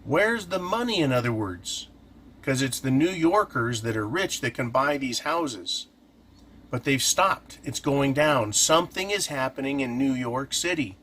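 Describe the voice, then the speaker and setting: A man's voice: mid-range voice, lively intonation, a little slow, a bit bright, slight background noise. A man hosting a casual commentary, talking through his points by asking and answering his own questions. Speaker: host.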